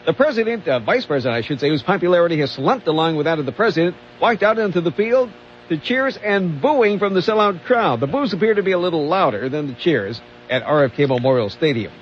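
A man's voice: a little high, expressive, fast, a little hiss or hum. A man co-hosting a radio show, reading news items with dry wisecracks. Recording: muffled lo-fi radio broadcast.

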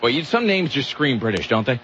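A man's voice: medium pitch, sing-song, a little fast, a bit bright. A man hosting a radio show, reading news stories aloud with sarcastic, mocking asides. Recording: muffled radio sound with faint noise.

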